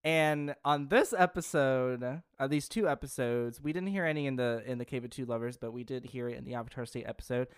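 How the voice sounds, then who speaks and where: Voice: medium pitch, fairly quick, hardly any pauses, clear, resonant tone, no echo. A podcast co-host musing casually about an episode, then announcing a new segment.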